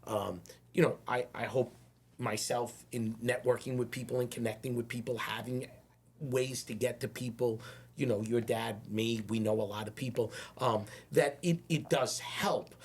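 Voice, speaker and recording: Man, podcast host, husky voice, rambling, repeats himself, casual interview. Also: mid-range voice, fairly even intonation. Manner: rambling, repeats words, slows to stress points.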